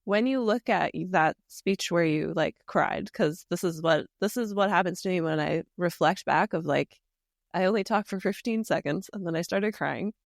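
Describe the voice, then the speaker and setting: A podcast host talking reflectively in casual conversation, often pausing on fillers as thoughts form. The voice has a noticeable gravelly fry. It is recorded dry and close. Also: mid-range voice, dry recording. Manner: reflective and hesitant, many fillers.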